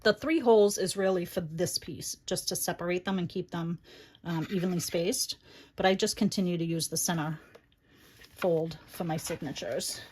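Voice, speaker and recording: A middle-aged woman hosts a chatty livestream craft tutorial, reading viewer comments aloud between steps. Her voice sits on the low side with a little hiss or hum in the recording. She's talkative and warm toward her daughter and her viewers.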